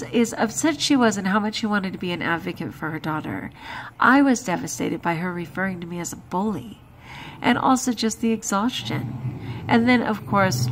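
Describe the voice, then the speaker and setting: A worn-out woman telling her day to the camera in a casual vlog. She talks in a chatty, emphatic way, at a middle pitch for a woman. A faint noise sits behind her voice. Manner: chatty, emphatic, with frequent laughs and exclamations. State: exhausted. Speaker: vlogger.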